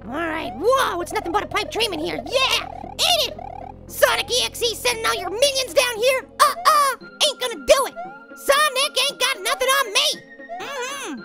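Little Apple, squeaky cocky cartoon apple. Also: male voice, expressive, moderate pace. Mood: playful. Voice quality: squeaky, gravelly high voice. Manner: brash, jokey trash talk with slangy rhymes. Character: tiny cocky boastful boy apple. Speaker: game-playing cartoon character. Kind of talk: let's-play commentary in character. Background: game music.

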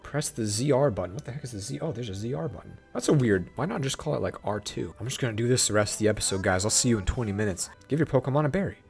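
A young man hosting a gaming channel, giving excited, playful let's-play commentary and talking to the game. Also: mid-range voice, rapid-fire, gravelly, few pauses, faint music behind. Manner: hyped, playful, talks to the game.

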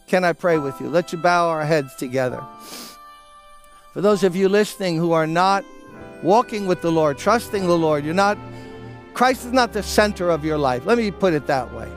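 An older man preaching a sermon as pastor, speaking earnestly and pleading directly with listeners, then leading them in a slow prayer. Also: fairly high pitch, expressive, soft background music. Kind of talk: sermon with altar-call prayer.

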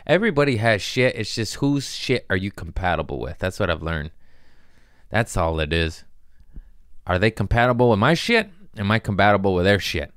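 A man's voice: low-pitched, lively intonation, moderate pace, fairly bright tone, clear, resonant tone, dry recording, studio quality. A man hosting a podcast in casual chat, rambling and profane, mocking himself and laughing often. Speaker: podcast host.

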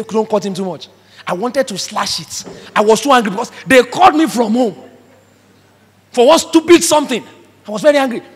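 A pastor with a high-pitched, slightly breathy voice preaches an emphatic sermon in a reverberant hall, acting out the voices of the people he quotes.

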